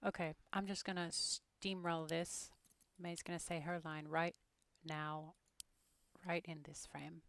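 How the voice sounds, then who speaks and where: A British woman streaming as she works on an animated scene, muttering to herself and often dropping into a whisper. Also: low-pitched, slow, creaky. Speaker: streamer making an animated game-character video. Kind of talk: casual narration while working.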